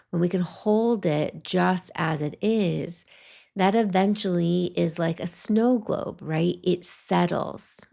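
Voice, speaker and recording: A woman hosts a solo podcast in a reflective monologue. She talks very slowly, with a strongly gravelly, creaky texture. Her pitch sits a little low, and her manner is soothing and gently guiding. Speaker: podcast host.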